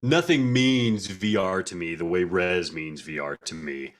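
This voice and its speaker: A man with a somewhat low voice co-hosts a gaming podcast. He talks in an animated, playfully dramatic way and jokes a lot. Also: a little slow. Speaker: podcast co-host. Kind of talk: casual gaming podcast chat.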